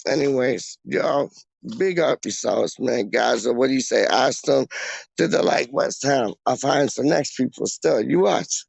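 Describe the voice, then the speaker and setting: A young man livestreaming, rambling in slangy casual chat and tacking "man" and "dog" onto his lines, with a gravelly voice. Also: mid-range voice, unhurried, no echo. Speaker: streamer.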